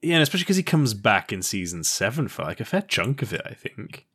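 A man's voice: fairly low pitch, sing-song, fast talker, a bit bright, husky. A man co-hosting a podcast, chatting casually in a hesitant, musing way and laughing often. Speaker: podcast co-host. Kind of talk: casual chat.

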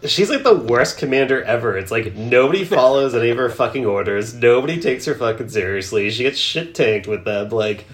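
A man's voice: medium pitch, expressive, brisk, few pauses. A man in a casual movie review chat, ranting with lots of swearing. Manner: profane, ranting.

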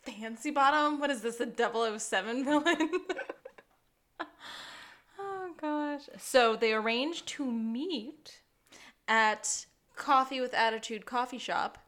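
A woman co-hosting a podcast animatedly recaps a TV episode in casual chat, quoting the characters' lines and laughing a lot. Her voice is a little high and a bit bright, and she takes it slowly.

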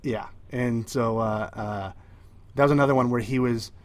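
A man's voice: medium pitch, normal speed, dry recording. A man co-hosting a podcast in casual chat, rambling with many fillers and restarts. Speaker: podcast co-host.

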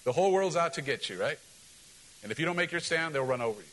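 A male pastor preaching a sermon in an animated, joking way, often asking the congregation questions. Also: fairly high pitch, fast talker, low-quality recording.

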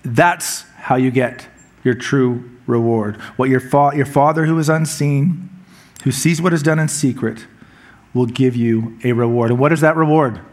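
A man's voice: medium pitch, fairly even intonation, measured pace. A male pastor preaching a conversational, humorous sermon. He often repeats a word as he restarts a phrase.

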